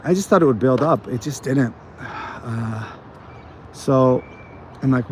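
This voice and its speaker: Still recovering from a cold, this American vlog host speaks at a medium pitch and normal speed, leaving long pauses. Slight background noise accompanies his rambling, filler-heavy stories as he strolls an outdoor botanical garden in the evening.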